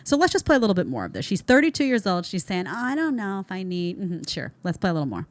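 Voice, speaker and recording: A woman's voice: mid-range voice, sing-song, fast. A middle-aged woman hosting a podcast, reacting to a clip with blunt, emphatic commentary and sarcastic asides. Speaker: podcast host.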